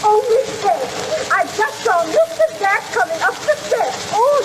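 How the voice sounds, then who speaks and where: An actress playing a polite young maid and a demure sweetheart, in a fluttery 1913 stage delivery full of little "oh"s. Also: female voice, very high-pitched, very animated, moderate pace. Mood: flustered. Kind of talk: 1913 silent-era stage acting. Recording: scratchy, noisy 1913 film soundtrack.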